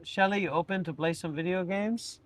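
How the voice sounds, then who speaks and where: A man's voice: sits high, normal speed, no echo. A man hosting a casual live stream, playful and teasing, with lots of exclamations. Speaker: livestream host.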